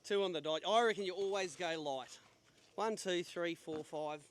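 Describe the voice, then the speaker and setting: There's a little hiss or hum behind this high-pitched man, who talks at a normal speed. He's hosting a live fishing weigh-in on an outdoor sailing club stage, bantering cheerfully and doing brief interviews.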